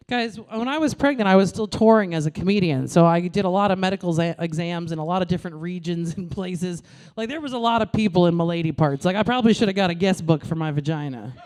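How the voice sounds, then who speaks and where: A woman's voice: mid-range voice, a little fast. A woman comedian in her thirties, originally from New York, doing a brash, crude stand-up routine into a stage mic. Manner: brash, crude, animated punchlines.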